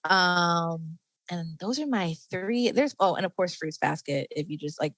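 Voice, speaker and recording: A fairly low-voiced woman guesting on a podcast, talking with rambling enthusiasm. The sound is dry and close, with little room. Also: lively intonation, unhurried, fairly bright tone, no room sound, poor audio. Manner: enthusiastic, rambling, many fillers. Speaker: guest, anime content creator. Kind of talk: casual interview chat.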